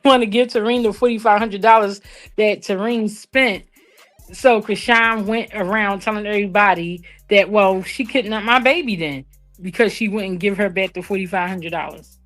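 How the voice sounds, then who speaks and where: A woman's voice: mid-range voice, moderate pace, a bit bright, faint music behind. A woman hosting a live commentary stream, talking casually and directly to her viewers. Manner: chatty, addresses viewers directly.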